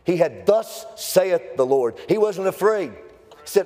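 Man, fervent sermon delivery with rising chanted cadence; high voice, long church reverb. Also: sing-song, takes it slowly. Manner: fervent, builds to near-shouting and sing-song cadence. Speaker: preacher. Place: church sanctuary.

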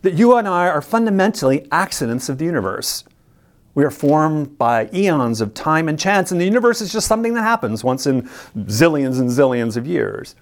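Animated, emphatic preacher. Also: mid-range voice. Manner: emphatic, deliberate, with repeated words for stress; addresses listeners directly with questions. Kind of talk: sermon teaching on scripture.

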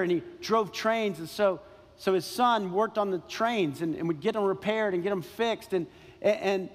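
A male pastor preaching a sermon with impassioned, repetitive phrasing and long pauses. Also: high voice, big-room sound.

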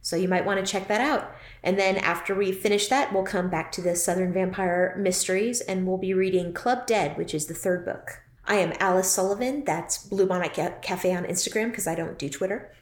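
A woman's voice: mid-range voice, a little fast, hardly any pauses. A woman co-hosts a casual book podcast and talks easily through the sign-off. Her voice sits in the middle range. The sound carries a roomy echo. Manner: relaxed, wraps up the show with plugs. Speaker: podcast co-host. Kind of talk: casual book-club chat. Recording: roomy home podcast audio.

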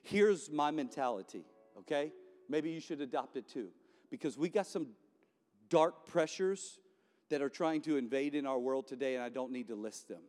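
A man's voice: medium pitch, lively intonation, moderate pace, darkish tone, in a large hall, faint music behind. A male pastor giving an impassioned, conversational sermon in a chapel and repeating his key points.

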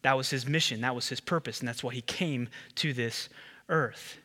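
A man preaching a sermon as pastor, animated, acting out the people in the story. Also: moderate pace, in a large hall. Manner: animated, acts out the disciples and Jesus with rising pitch.

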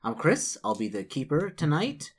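A man's voice: a little high, sing-song, moderate pace, breathy edge. A man with a cold, running a tabletop game as game master, rambling with lots of fillers. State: groggy from a cold. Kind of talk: casual tabletop game chat.

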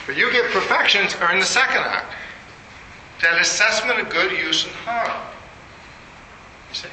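A man's voice: high-pitched, animated, normal speed, pushed and bright. A man giving an interactive lecture, quizzing the audience and making joking asides. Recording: echoey room with noise.

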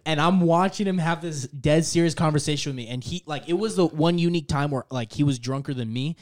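A man's voice: a little high, a little fast. A man, co-hosting a podcast. He rambles through wild stories, swearing and laughing as he goes. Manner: rambling, laughing mid-story, heavy swearing. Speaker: podcast co-host. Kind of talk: casual storytelling chat. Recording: podcast studio before a live audience.

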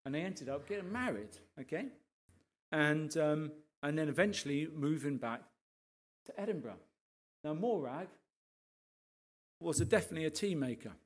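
A man, a pastor, telling his testimony to a congregation as a lively storyteller who keeps checking in with his listeners. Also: on the high side, moderate pace, long pauses.

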